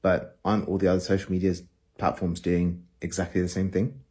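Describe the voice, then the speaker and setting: A man with a very low voice argues his point to camera. He talks in a questioning, argumentative way. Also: monotone, a little fast, a little mellow. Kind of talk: opinion talk to camera.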